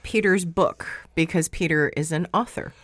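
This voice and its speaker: A woman's voice: low voice, normal speed. A woman hosting a podcast, chatting casually with short, friendly interjections. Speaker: podcast host. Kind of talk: casual chat.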